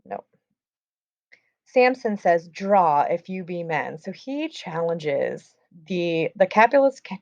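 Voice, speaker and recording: Woman teacher with a slightly low voice, chatty and casual, reading aloud and explaining, dull dry recording. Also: gravelly, darkish tone, no room sound. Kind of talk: classroom lesson, reading and paraphrasing a play.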